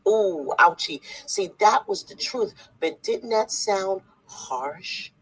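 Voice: mid-range voice, lively intonation, slow pace, few pauses, husky, rough recording. An online preacher giving a blunt, scolding sermon to the camera, hammering points home with repetition and rhetorical questions. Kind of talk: preaching video.

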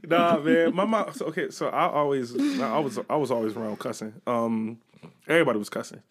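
A young man from Buffalo, co-hosting a podcast in casual chat, an animated storyteller who acts out quotes and swears freely. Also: medium pitch, brisk. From Buffalo, New York. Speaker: podcast co-host.

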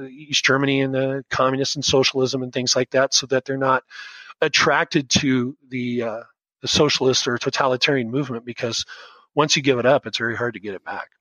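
A man's voice: medium pitch, fairly bright tone, no echo, rough recording. A man in his fifties, a schoolteacher telling his own story earnestly in a podcast interview, often restarting his sentences. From United States. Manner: earnest, rambling with frequent restarts. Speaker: guest, schoolteacher.

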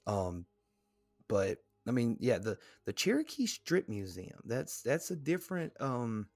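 A man's voice: mid-range voice, sing-song, unhurried, a little mellow, dry recording. A man co-hosting a casual podcast, rambling and self-deprecating as he reads notes aloud and riffs on them. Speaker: podcast co-host.

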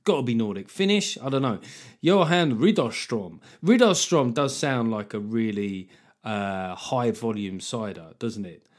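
A man's voice: mid-range voice, lively intonation, unhurried. Wry middle-aged man riffing. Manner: wry, sweary, riffing with jokey asides and silly voices. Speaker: podcast host. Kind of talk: solo comedy podcast monologue.

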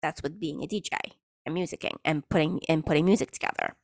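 A woman's voice: sits low, fast talker, gravelly, dry recording, clean studio sound. A woman hosting her own podcast, talking in a chatty, rambling way and often stopping mid-sentence to restart. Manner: chatty, rambling, self-interrupting. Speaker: podcast host. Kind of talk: casual solo podcast monologue.

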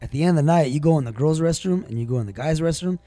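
Man, podcast co-host, blunt, profane, emphatic, slightly high voice, dry close mic. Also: rapid-fire, dark tone, dry recording. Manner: blunt, emphatic, swears constantly. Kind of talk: casual profane banter.

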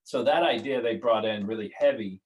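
Low-voiced man rambling through a podcast interview. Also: fairly quick, rough recording. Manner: rambling, restarts sentences, laughs often. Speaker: guest writer and creator.

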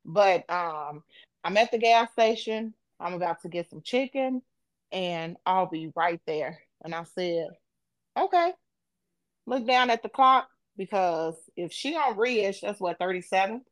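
A woman's voice: medium pitch, measured pace, no echo. A woman on a podcast, retelling an emotional personal story in vivid, casual speech. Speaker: podcast co-host.

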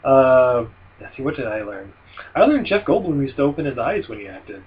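A man's voice: mid-range voice, sing-song, normal speed, distant mic, narrow, tinny audio, background noise. A man co-hosting a casual movie chat, playful and laughing often. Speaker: podcast co-host.

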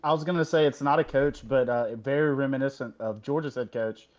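A man co-hosting a sports podcast, chatting in a relaxed, rambling way. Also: medium pitch, brisk, muffled recording. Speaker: podcast co-host. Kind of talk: casual podcast chat.

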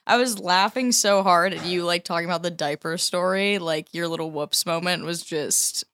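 A woman's voice: fairly low pitch, moderate pace, fairly bright tone, a little hiss or hum. A woman co-hosting a podcast, chatting casually and laughing along in a teasing way. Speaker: podcast co-host. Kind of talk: casual chat.

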